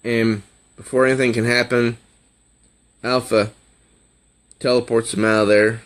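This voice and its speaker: A man casually reviewing a comic book, talking slowly and haltingly. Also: medium pitch, level tone, fairly bright tone. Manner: slow, halting, with fillers and restarts.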